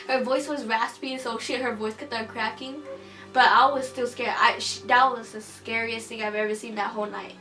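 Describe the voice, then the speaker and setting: Woman, high pitch, dramatic student storyteller; off-mic with a music bed. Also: moderate pace. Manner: dramatic, animated storytelling with acted-out quotes. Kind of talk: personal scary story told for class. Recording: distant voice with music behind.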